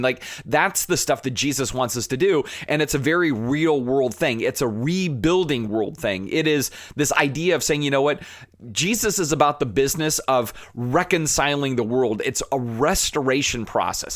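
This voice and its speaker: This is a man at a middle pitch, speaking an earnest, impassioned podcast monologue. He talks loosely, with fillers and restarts, and builds to animated emphasis. The sound is close and dry, with no room around it. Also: no room sound. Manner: rising to animated emphasis when fired up. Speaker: podcast host.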